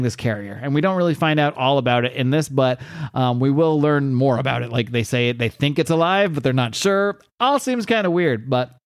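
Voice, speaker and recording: A man's voice: mid-range voice, no echo, clean studio sound. Chatty man recapping a comic. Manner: rambling, chatty, with fillers and laughter. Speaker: podcast host. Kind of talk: casual comic-book recap.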